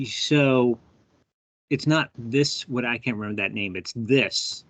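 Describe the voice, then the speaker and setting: A workshop host runs a live bee workshop on a video call, chatting and thinking aloud as he shows specimens. His voice is medium-pitched, slow, and fairly bright, and the call audio is dull and dry with no room sound.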